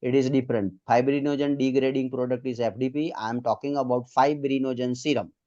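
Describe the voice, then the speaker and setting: A man's voice: medium pitch, steady tone, fairly quick, dark tone, lo-fi sound. A man with an Indian accent running an online medical exam quiz, patiently drilling students one point at a time.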